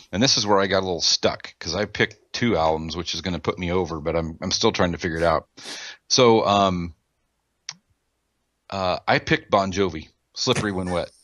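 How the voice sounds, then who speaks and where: A man's voice: low voice, fairly bright tone, no echo. A man co-hosting a casual rock podcast, easygoing and a little hesitant. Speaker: podcast co-host.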